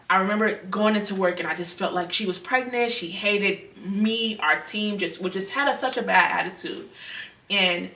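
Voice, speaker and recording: A woman's voice: medium pitch, gravelly, pushed and bright. A young woman earnestly sharing a personal faith testimony in a conversational, repetitive way. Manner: earnest, conversational, repeats herself. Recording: roomy sound, mic at a distance.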